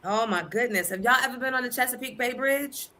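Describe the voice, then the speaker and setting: A woman's voice: a little high, brisk, slight background noise. Chatty woman hosting a morning stream. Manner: chatty, shoutouts to viewers, playful, breaks into song. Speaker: host of a live morning stream. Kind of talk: casual live-stream chat. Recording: music playing clearly behind.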